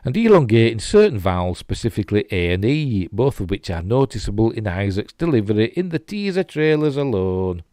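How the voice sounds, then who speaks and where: A man's voice: on the low side, very animated, brisk, hardly any pauses, warm tone, dry recording. A man with a Yorkshire accent hosting a geek news show, reading stories and dropping dry jokey asides. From Yorkshire, England.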